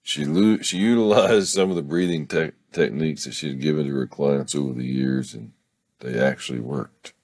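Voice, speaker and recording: A man reading a romance novel aloud, unhurried, with small slips and restarts. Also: very deep voice, a little mellow, husky, no echo. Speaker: book reader.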